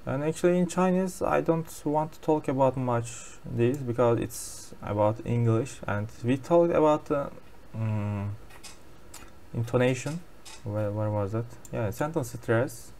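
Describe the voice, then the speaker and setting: Guy going over his study notes, slow and halting, lots of uhs. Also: mid-range voice, dark tone, a little hiss or hum. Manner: halting non-native English with many fillers. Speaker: language learner sharing daily lessons. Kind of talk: casual explaining lesson.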